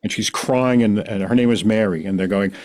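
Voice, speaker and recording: A middle-aged man, a podcast guest, telling a long personal story in a rambling, animated way and acting out the voices of people in it. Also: fairly low pitch, fairly quick. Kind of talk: casual storytelling.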